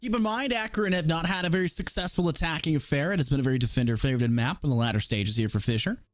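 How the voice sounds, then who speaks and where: Quick teasing male esports caster. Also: fairly high pitch, animated, dry recording, clean studio sound. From American South. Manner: quick and teasing, joking between plays. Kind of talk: play-by-play commentary.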